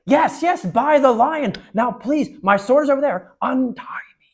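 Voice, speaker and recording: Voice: mid-range voice, sing-song, unhurried, a little mellow, slight background noise, pitched above the performer's own voice. A storyteller voicing a desperate captive young prince, pleading in formal old-fashioned speech. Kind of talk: storytelling to a group.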